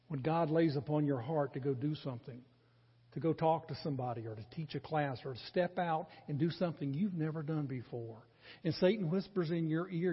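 In a church sanctuary, a pastor delivers a sermon in a slightly high, husky voice. He is earnest and emphatic, with surges of intensity, captured on a muffled recording with long reverb.

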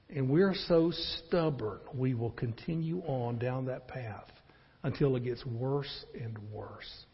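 A pastor preaching a sermon, swinging from loud emphatic peaks down to low, quiet stretches. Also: male voice, slow pace, husky. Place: church sanctuary. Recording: dull lo-fi church audio with long reverb.

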